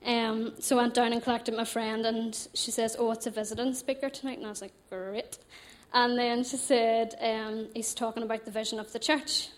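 Young Northern Irish woman, personal testimony, animated and chatty, slightly high register. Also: fairly quick, few pauses. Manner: animated, chatty, laughs often.

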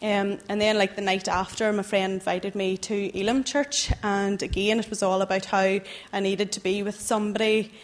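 A young woman, giving an earnest, halting personal testimony to a church group, emotional as she tells it. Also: medium pitch, level tone.

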